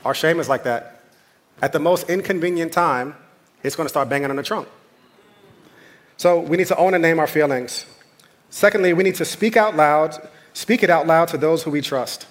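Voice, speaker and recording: A man's voice: a little high, moderate pace, pauses often. An American man, a pastor, preaching a sermon in a conversational but impassioned way, repeating phrases for emphasis.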